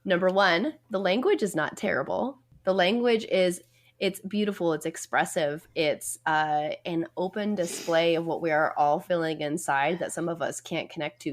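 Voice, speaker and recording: A woman therapist, a guest on a podcast, speaking with earnest, emphatic encouragement. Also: lowish voice. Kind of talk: podcast conversation.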